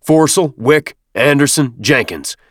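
A tough staff sergeant growls orders at green recruits in a low, firm voice, as a male narrator puts him on. With his captain he keeps to short, clipped military replies. The sound is dry and close to the mic. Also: moderate pace, a bit bright, no room sound, natural voice. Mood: growling.

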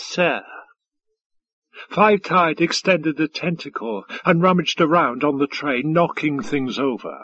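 Brief: male narrator, husky and slightly high, steady audiobook read. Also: lo-fi sound. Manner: measured, even storytelling. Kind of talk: scripted narration.

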